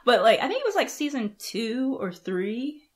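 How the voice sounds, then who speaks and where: A woman's voice: fairly high pitch, big pitch swings, normal speed. Rambling, giggly woman in casual chat. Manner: rambling, filler-heavy, giggly. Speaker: podcast co-host.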